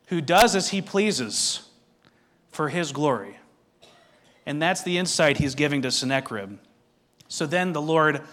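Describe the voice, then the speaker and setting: A man with a fairly high voice delivers a sermon as pastor. He reads passages of scripture aloud, then explains them at a measured pace and puts direct questions to his listeners. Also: a bit bright.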